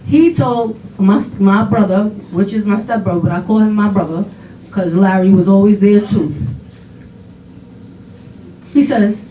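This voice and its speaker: A daughter giving an animated eulogy at a funeral, telling laughing stories full of quoted dialogue. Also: female voice, medium pitch, unhurried, long pauses. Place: funeral home chapel. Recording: echoey hall, voice from far off, faint noise.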